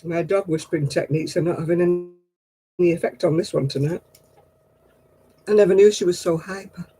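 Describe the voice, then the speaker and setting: A woman's voice: fairly low pitch, fairly even intonation, fairly quick, mellow, husky, low-quality recording. Chatty woman on a live video call. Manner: chatty, keeps scolding and coaxing a restless dog. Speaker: host of a live stream. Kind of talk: casual live video chat. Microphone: computer or phone on a video call.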